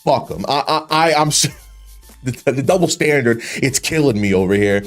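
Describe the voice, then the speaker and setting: A man's voice: mid-range voice, animated, normal speed, soft background music. A man giving casual, rambling reaction commentary on wrestling clips, swearing freely and laughing often.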